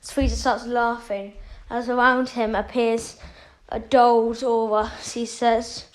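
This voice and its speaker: A woman's voice: fairly high pitch, flat delivery, slow, low-quality recording. A woman casually retelling a fan story, rambling with many fillers.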